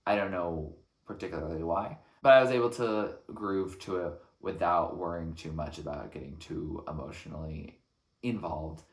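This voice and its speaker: A man reacting to an album track by track, talking in an earnest, thoughtful way with frequent pauses between phrases. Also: low-pitched, roomy sound. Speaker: music reaction channel host. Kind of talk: reflective album reaction commentary.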